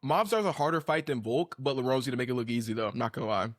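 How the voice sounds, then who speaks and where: A man's voice: mid-range voice, lively intonation, rapid-fire, no room sound. An American man co-hosting a podcast, insistently arguing his point in casual debate and calling people bro. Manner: insistent, argumentative, says bro often. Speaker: podcast co-host.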